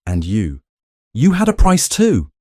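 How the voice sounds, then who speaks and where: A man voicing a young woman who speaks flatly and bitterly, her voice trembling. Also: lowish voice, normal speed, dry recording, clean studio sound, close to an everyday voice. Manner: flat, trembling, accusing.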